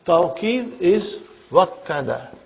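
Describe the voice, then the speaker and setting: Slow, gravelly male Arabic teacher. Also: high voice, sing-song. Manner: slow, repetitive, checks in with listeners. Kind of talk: classroom lecture. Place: classroom. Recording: dull lo-fi recording.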